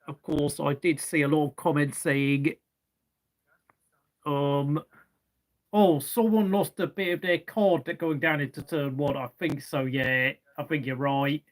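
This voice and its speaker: A man's voice: on the high side, steady tone, measured pace. A young man hosting a live race watchalong, chatting casually and rambling to fill the gaps between race updates. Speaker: watchalong host.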